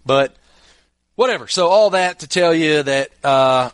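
A man's voice: on the high side, lively intonation, a little slow, clear, resonant tone, no echo, studio quality. A middle-aged man hosting a podcast, casually telling a funny anecdote with chuckles along the way. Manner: laid-back, chuckling anecdotes. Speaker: podcast host. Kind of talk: casual storytelling chat.

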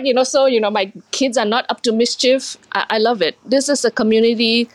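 A woman's voice: on the high side, fairly quick, hardly any pauses, no echo. A middle-aged woman from India who owns a restaurant, talking emotionally in an interview with many fillers and restarts. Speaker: restaurant owner.

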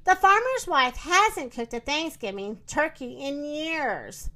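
Woman reading as a gentle, thoughtful cow. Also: high-pitched, very animated, takes it slowly, full character voice. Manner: gentle, patient, soothing. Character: calm, kindly thoughtful cow.

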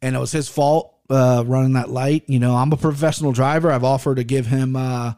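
A man's voice: mid-range voice, fairly even intonation, brisk, mellow, clean tone. A middle-aged man hosting his own podcast, talking casually in a rambling way, swearing often and restarting his sentences. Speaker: podcast host. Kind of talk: casual monologue.

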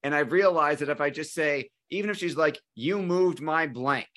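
A man's voice: a little high, moderate pace, a bit bright. A man in his forties hosting a podcast, agreeable and enthusiastic as he shares stories about his marriage. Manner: enthusiastic, agreeable, tells personal anecdotes. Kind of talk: podcast conversation.

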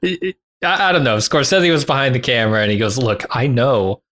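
A man with a mid-range voice joins a relaxed film chat. He cracks jokes, swears casually and acts out little anecdotes for laughs. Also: mid-range voice, quick pace. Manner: jokey, profane, tells comic anecdotes. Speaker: podcast co-host.

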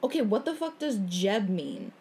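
A woman's voice: medium pitch, huge pitch swings, moderate pace, vocal fry, warm tone. A young adult woman co-hosting a podcast in casual chat, explaining at length with many "like" fillers and free swearing. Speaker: podcast co-host.

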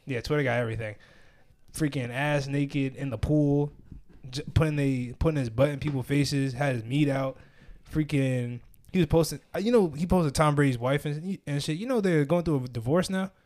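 This young man hosts a podcast at a moderate pace, his voice on the high side with a darkish tone. He tells stories loosely, full of slang, and laughs a lot.

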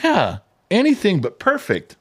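A man's voice: high-pitched, wildly swooping pitch, unhurried, husky. A middle-aged man co-hosting a podcast in casual chat, telling stories animatedly, mimicking voices and swearing. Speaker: podcast co-host.

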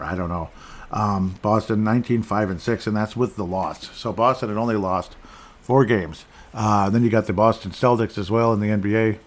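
Guy rambling thru a sports podcast alone, lowish voice, keeps chuckling. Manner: rambling, self-interrupting, chuckles often. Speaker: podcast host. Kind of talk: solo sports podcast commentary.

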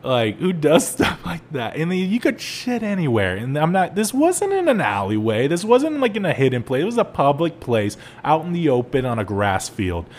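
A young man hosting a solo podcast, telling stories animatedly with laughs and loud exclaims. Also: on the high side, very animated, moderate pace, few pauses. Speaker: podcast host.

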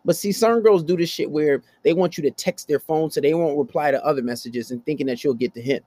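A man's voice: fast talker, mellow. A young man hosting a podcast, improvising a profane, casual story about dating. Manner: profane, storytelling, mimics voices in high pitch. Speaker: podcast host.

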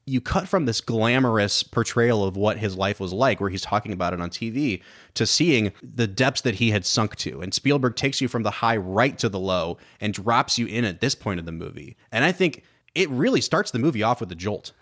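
A man's voice: fairly low pitch, animated, normal speed, fairly bright tone. A man co-hosting a casual film podcast, talking enthusiastically and analytically about a movie. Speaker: podcast co-host.

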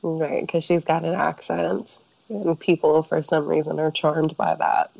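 Woman, from South Carolina, co-host, casual chat, sarcastic, blunt, lowish voice, muffled lo-fi audio. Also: fairly even intonation, unhurried, creaky, darkish tone. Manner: blunt, sarcastic, laughs often. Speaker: podcast co-host.

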